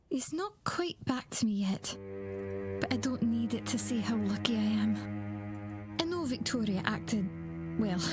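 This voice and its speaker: An actress playing a gentle woman with second sight in a video game, soft, measured and earnest, over game music. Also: medium pitch.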